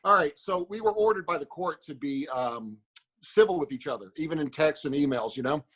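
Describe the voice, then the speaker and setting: A man's voice: a little high, expressive, a little fast, a bit bright, slightly rough, rough recording. A man, a former fighter, telling a story in plain words in casual podcast chat.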